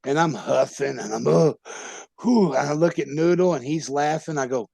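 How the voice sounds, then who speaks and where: A former pro wrestler telling a rowdy, profane story as a podcast guest. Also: male voice, fairly high pitch, normal speed, vocal fry, slightly rough, no echo. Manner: profane, loud tall-tale telling. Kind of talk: animated comic storytelling.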